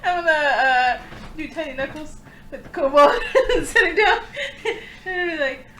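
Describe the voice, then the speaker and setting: A woman's voice: high voice, animated, a little slow, a bit bright. A woman playing in a tabletop game, giggling often as she talks. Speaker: player. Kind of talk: casual tabletop game play. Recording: echoey room with noise.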